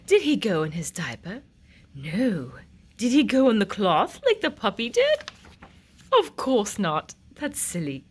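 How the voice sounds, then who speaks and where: A woman reading a children's picture book aloud in an expressive, sing-song way. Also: medium pitch, slightly rough. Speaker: storyteller.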